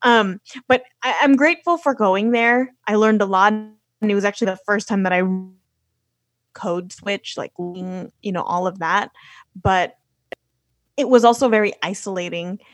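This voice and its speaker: A young American woman speaking as a podcast guest, telling stories with frequent fillers and restarts. Her voice sits at an ordinary middle pitch. The recording is close and dry, with no room around it. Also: normal speed, no echo. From United States. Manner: storytelling with many fillers and restarts. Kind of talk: casual conversation.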